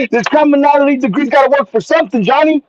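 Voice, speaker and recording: A man calling in to a live show, telling an excited story in slangy, animated chat and calling the host man and homie. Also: very high voice, quick pace, no room sound. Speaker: caller. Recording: muffled phone-line call.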